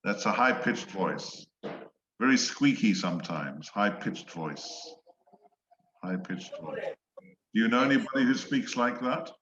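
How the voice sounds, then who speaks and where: A man teaching English in an online one-on-one lesson, slow and patient, explaining words and acting out examples. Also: on the low side, expressive, a bit bright, slight background noise. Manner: slow, patient, demonstrates voices. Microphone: video call. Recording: echoey, dull video-call audio.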